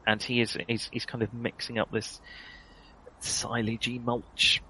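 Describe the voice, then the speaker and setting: A man's voice: mid-range voice, flat delivery, a little slow, sharp tone, slight background noise, low-quality recording. Hesitant man narrating as game master. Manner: hesitant, many fillers and self-corrections.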